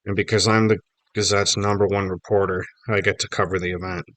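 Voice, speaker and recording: A man voicing an excitable middle-aged reporter dad, eager and teasing, bubbling over with news. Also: low-pitched, fairly quick, no room sound.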